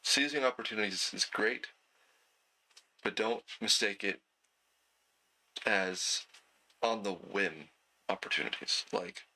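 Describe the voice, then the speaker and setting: A man teaching an online night class in a relaxed, conversational way, with plenty of fillers and throat clearing. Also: on the low side, slow pace, pauses often, low-quality recording. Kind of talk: casual lecture.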